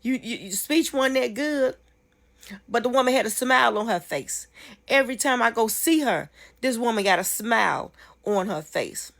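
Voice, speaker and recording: A woman telling a dream testimony casually, fervent and repetitive, climbing high when she rejoices. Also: expressive, moderate pace, creaky, a bit bright. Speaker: storyteller sharing a dream testimony.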